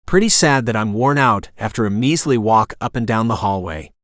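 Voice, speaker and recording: A man narrating a romance audiobook in a calm, even reading voice, giving the characters' dialogue a gentle touch. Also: lowish voice, moderate pace, no echo, clean studio sound.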